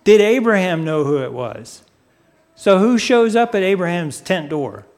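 A man preaching a sermon, speaking deliberately and putting questions to his listeners. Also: high-pitched, lively intonation, a little mellow. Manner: asks the audience questions; unhurried, deliberate. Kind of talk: sermon teaching.

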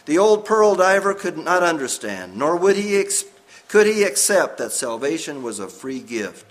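A man with a somewhat high voice reads a story aloud. His narration is measured and grave, and he takes his time moving the tale along. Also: very animated.

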